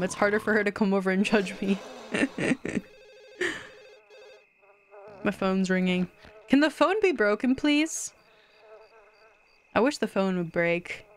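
A young woman live-streaming a video game, chatting and giggling as she reacts to what happens on screen. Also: medium pitch. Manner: excited squeals at wins.

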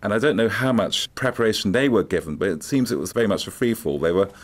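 Low voiced guy on a radio interview, lots of ums, gets animated telling stories. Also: quick pace. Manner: hesitant, many ums, animated storytelling. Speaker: music expert guest.

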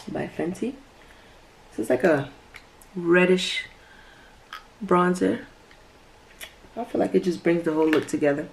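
Woman, beauty vlogger, chatty makeup talk, gravelly fry. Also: fairly low pitch, a little hiss or hum. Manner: chatty, drops to whispers at times. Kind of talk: casual makeup tutorial chat.

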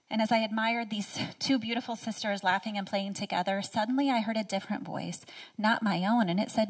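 A woman's voice: medium pitch, steady tone, fairly quick, distant mic. Earnest woman giving a heartfelt speech. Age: 30s. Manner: earnest, heartfelt, drops to soft near-whispers. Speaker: featured speaker. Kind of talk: prepared personal speech at a live event. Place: event stage.

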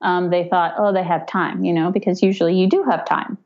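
A woman in her thirties, a podcast guest, tells her birth story in a relaxed, chatty way at a brisk pace. Her voice sits a little low, and she acts out quoted voices with raised pitch, using frequent fillers and laughs. The audio sounds dull and lo-fi.

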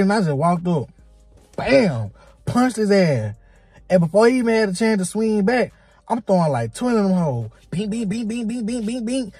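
A man casually telling a personal story in a slangy, profane and animated way. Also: a little high, slightly rough, dry recording.

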